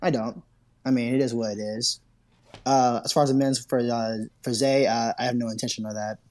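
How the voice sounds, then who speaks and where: A man's voice: mid-range voice, fairly even intonation, a little fast, darkish tone. A man on a video call to a stream, defending himself in a heated argument and stumbling over his repeated words. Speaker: guest.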